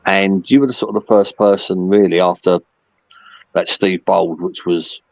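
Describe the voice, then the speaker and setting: A man's voice: low voice, steady tone, moderate pace, gravelly, darkish tone, dry recording, highs cut off. A man chatting casually as a podcast guest, rambling with plenty of fillers. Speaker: podcast guest, merchandise seller. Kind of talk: casual chat.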